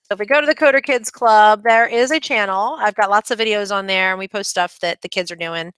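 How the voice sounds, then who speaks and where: A woman's voice: medium pitch, a little fast, fairly bright tone, smooth, no echo. A woman hosting her own channel, giving a casual, chatty update with lots of fillers and restarts. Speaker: web design channel host. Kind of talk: casual screen-share update.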